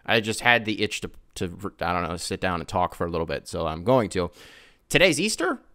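A man's voice: deep voice, sing-song, brisk, bright, forceful tone, no echo, clean studio sound. A man hosting his own podcast alone, talking in a chatty, digressive, self-mocking way. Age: adult. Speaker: podcast host. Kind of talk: casual solo podcast monologue.

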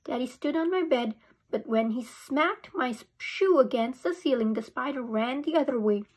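A woman teacher reading a chapter book aloud to young students, expressive. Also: high voice, moderate pace, breathy edge. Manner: expressive storytelling. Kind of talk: read-aloud for children.

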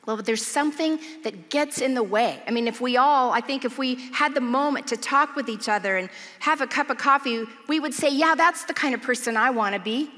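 Woman pastor, high bright voice, storytelling sermon, long church reverb. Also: brisk. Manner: storytelling, humorous and earnest. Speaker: church speaker. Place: large church auditorium.

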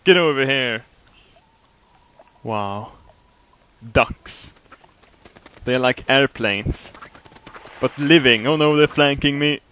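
A man's voice: medium pitch, slow pace, pauses often, a bit bright, a little hiss or hum. A man giving goofy, joking commentary while playing a hunting game, swearing and laughing often. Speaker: gameplay commentator. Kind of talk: casual let's-play commentary.

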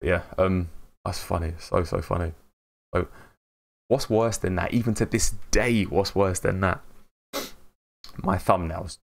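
A man's voice: sits low, a little slow, gravelly, long pauses. A man chatting casually on a live stream, rambling and laughing at himself as he greets viewers.

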